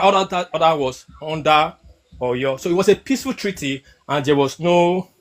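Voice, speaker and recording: A man moderating an online group discussion, firm and keeping order. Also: fairly high pitch. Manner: firm, keeps order, repeats "hold on".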